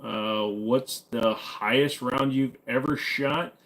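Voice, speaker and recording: A man's voice: mid-range voice, steady tone, slow pace, a bit bright. An American man hosting a casual live stream, reading viewer comments and answering in a laid-back, joking way with plenty of "uh" fillers. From United States. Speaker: host.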